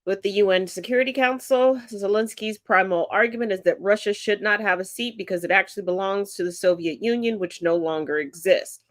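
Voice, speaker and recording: A woman hosting a solo political commentary show, congested and stuffy-nosed, reading out figures in a measured, deliberate way. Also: medium pitch, no room sound.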